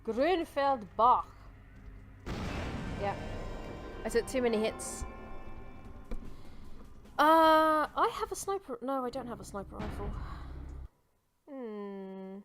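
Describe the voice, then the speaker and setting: A woman commenting chattily on a game during a live stream, wry and quick to swear and laugh at the game. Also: a little high, animated, a bit bright, faint music behind.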